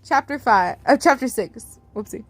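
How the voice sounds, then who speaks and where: A woman's voice: on the high side, expressive, normal speed, breathy edge. A young woman casually reading fan fiction aloud, breaking off for giggly, rambling, chatty asides.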